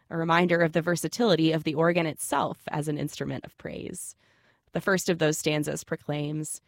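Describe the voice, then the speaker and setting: A woman hosting a sacred music radio program, reading scripted narration in a calm, measured, reverent way. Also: deep voice, vocal fry, no echo, studio quality.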